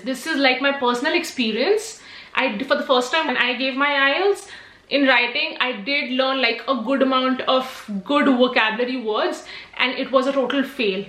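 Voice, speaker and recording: A woman's voice: high voice, bright, forceful tone, roomy sound. A young woman, giving chatty, emphatic exam tips to camera. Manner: chatty, emphatic, lots of "like" and "trust me". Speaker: IELTS tips vlogger. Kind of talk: casual talking-to-camera advice.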